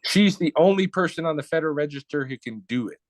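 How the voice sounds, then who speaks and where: A man's voice: fairly high pitch, animated, fast, no echo. A man being interviewed, telling a story in casual speech, blunt and profane with slang.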